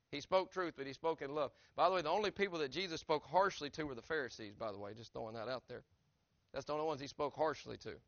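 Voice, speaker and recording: A man's voice: mid-range voice, creaky, fairly bright tone, dry recording, lo-fi sound. Man preaching earnestly to his church. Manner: earnest, conversational preaching with direct questions to the congregation. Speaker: pastor. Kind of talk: sermon. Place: church sanctuary.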